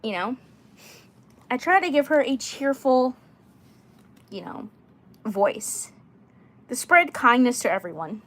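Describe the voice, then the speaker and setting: Woman, somewhat high voice, casual doll chat, rambling, fillers, throat clearing. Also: very animated, slow pace, long pauses. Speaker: doll collector livestreamer. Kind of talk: casual chat showing dolls.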